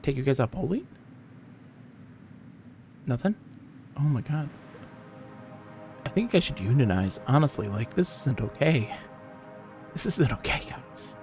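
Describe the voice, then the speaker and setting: A man streaming a game live, chatting casually and joking with the characters on screen. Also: a little high. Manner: rambling, jokey, talks to game characters. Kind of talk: casual live gameplay chat.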